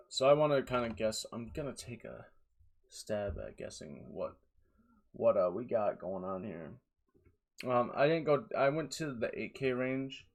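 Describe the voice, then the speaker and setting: A young man in his twenties with a lowish voice gives tired, rambling solo commentary on his fantasy golf picks, full of fillers and restarts.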